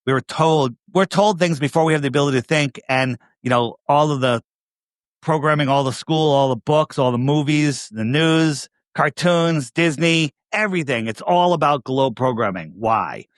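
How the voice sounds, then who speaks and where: A podcast guest with a New York accent and a somewhat high voice talks emphatically at a moderate pace in a casual interview, repeating himself and tossing out rhetorical questions. The studio sound is clean, with no echo.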